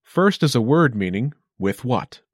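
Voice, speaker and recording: Lively, upbeat male lesson host. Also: mid-range voice, unhurried, no room sound, clean studio sound. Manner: clear, upbeat instructional delivery. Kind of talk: scripted lesson narration.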